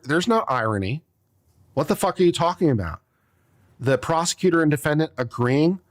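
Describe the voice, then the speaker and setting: A man's voice: a little high, no echo, clean studio sound. A man, an attorney, reacting to a legal brief in casual commentary, sarcastic and exasperated. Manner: sarcastic, exasperated, acts out little scenes.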